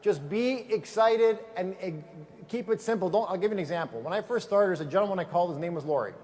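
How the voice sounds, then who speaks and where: A man giving a motivational seminar talk to a live audience, telling lively stories and asking the room questions. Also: high-pitched, fast. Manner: energetic storyteller, asks the audience questions. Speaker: business trainer.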